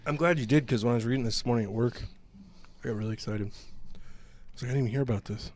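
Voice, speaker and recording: A man's voice: mid-range voice, fast talker, darkish tone, a little hiss or hum. A man co-hosting a casual gaming podcast, reading news stories aloud and joking about them. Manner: joking, reads headlines and riffs on them. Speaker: podcast co-host.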